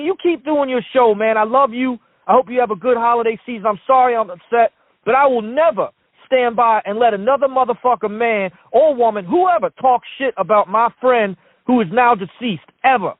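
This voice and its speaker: High-voiced man, angry caller, profane heated rant, dry tinny phone line. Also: no echo.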